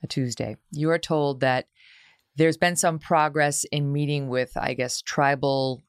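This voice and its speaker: A woman's voice: low-pitched, fairly even intonation, a little slow, smooth, dry recording, clean studio sound. A woman hosting an interview, asking articulate, leading questions in a conversational way. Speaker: interview host.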